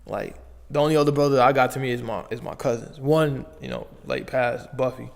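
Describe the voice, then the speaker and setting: A young man from Las Vegas speaks with a gravelly, fry-edged voice. He tells his story in a loose, slang-heavy way. A long reverb trails behind his words. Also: mid-range voice, a little fast. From Las Vegas, United States. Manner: slangy, animated retelling with frequent "like" and "bro". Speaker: podcast guest. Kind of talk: casual storytelling.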